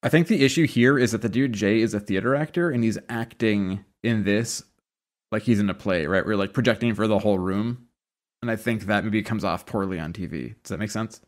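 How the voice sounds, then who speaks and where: Man, podcast co-host, chatty opinions, fillers, lowish voice. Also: brisk. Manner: chatty, explaining opinions with many "like"s. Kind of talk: casual chat about a TV show.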